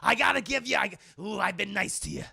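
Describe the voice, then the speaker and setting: A man's voice: high-pitched, a little fast, gravelly, sharp tone, breathy edge, no echo, studio quality, heavily acted. A man voicing a crude, gluttonous male demon clown with a taunting, sneering way of talking.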